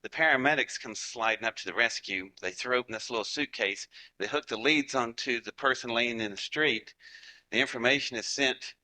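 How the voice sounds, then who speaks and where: Brisk and bright, with a forceful tone and a mid-range voice, a Southern-accented man entertains a live audience. His talk is folksy storytelling, chatty, with plenty of joking with the crowd.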